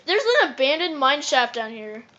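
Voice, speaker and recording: A woman chatting casually while playing a game, excitable, repeating words and breaking into sudden squeals. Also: high voice, normal speed. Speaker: gamer. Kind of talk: casual let's-play chatter. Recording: dull lo-fi phone recording.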